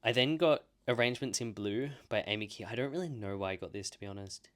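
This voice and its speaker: Young Australian guy, 20s, very low voice, chatty self-deprecating book vlogger. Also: fast, a bit bright. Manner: chatty, rambling, self-mocking. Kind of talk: casual book haul chat.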